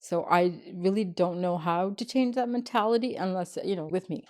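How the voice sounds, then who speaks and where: A mother telling a personal story in an interview, animated and firm in her views. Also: fairly low pitch, normal speed, few pauses.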